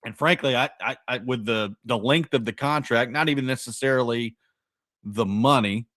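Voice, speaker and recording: A man co-hosts a sports talk radio show, arguing his case in casual chat full of restarts and "you know"s as he thinks out loud. His voice is medium-pitched and slightly bright at normal speed, captured in clean studio quality with no room sound.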